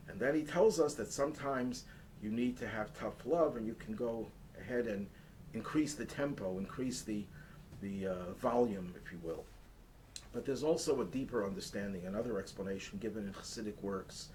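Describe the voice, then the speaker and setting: A man's voice: fairly low pitch, darkish tone, slight background noise, poor audio. A man teaching the weekly Torah portion as a rabbi, earnest and rising in intensity to stress his points. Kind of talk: Torah lesson.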